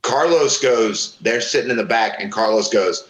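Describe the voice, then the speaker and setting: A man's voice: fairly low pitch, normal speed, roomy sound, poor audio. A middle-aged man from Florida, a former wrestler, telling profane stories in a casual interview and acting out what others said. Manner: profane, animated storytelling with voiced quotes. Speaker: guest, former pro wrestler.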